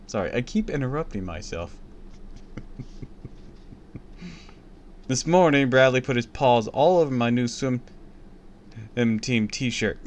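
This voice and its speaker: A man's voice: mid-range voice, expressive, unhurried, long pauses. A man reading a kids' book aloud on a stream, in a mid-range voice. He keeps breaking off with crude, joking commentary, switching between plain narration and profane asides. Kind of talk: casual read-aloud with commentary.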